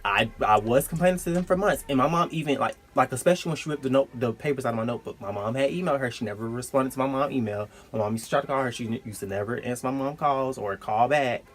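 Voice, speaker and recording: Animated young man telling a story. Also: quick pace, few pauses. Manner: animated, slangy, jumps into high-pitched quoted outbursts. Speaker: storytime vlogger. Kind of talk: casual storytelling.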